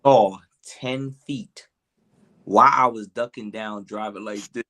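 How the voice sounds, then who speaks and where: A man's voice: fairly low pitch, measured pace, bright, forceful tone. A man co-hosting a podcast, telling a story in loose, rambling casual chat. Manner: laid-back, loose and rambling, with fillers. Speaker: podcast co-host.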